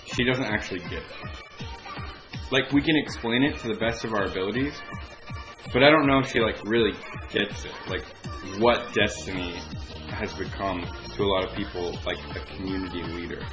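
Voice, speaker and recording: Young guy rambling a story, swears a lot, says like constantly, kinda low voice, music going behind, muffled lo-fi sound. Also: normal speed. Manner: rambling, heavy use of filler "like", frequent swearing. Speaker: vlogger. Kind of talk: casual storytelling. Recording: dull lo-fi recording with music behind.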